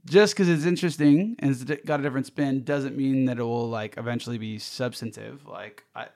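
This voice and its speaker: A man's voice: mid-range voice, fairly quick, creaky, a little mellow. A man co-hosting a casual podcast, laid-back and drawling, often trailing off. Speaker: podcast co-host.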